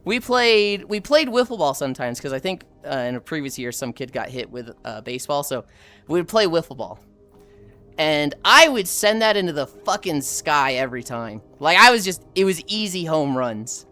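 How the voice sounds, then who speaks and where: A woman's voice: low voice, normal speed. A woman streamer telling rambling stories from her school days in casual, profane chat while greeting viewers. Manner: profane, rambling, animated retelling.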